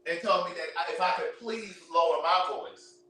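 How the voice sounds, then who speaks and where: A man telling stories loudly and animatedly while cooking, full of profane banter with his viewers. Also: on the high side, animated, moderate pace, echoey room, slight background noise. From Baltimore, USA. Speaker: vlogger. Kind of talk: casual storytelling while cooking.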